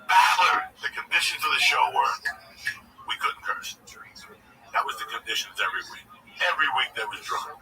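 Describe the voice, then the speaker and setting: A man's voice: mid-range voice, very animated, moderate pace, bright, forceful tone. A man, a comedian, telling a rambling, profane story in casual chat. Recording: distant mic with background noise.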